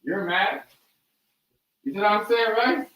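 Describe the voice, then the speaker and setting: A man's voice: high-pitched, a little slow, a crowd in the background. A man co-hosting a casual chat, talking loosely and slangily, mostly agreeing and adding his own takes. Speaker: co-host. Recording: distant, roomy mic.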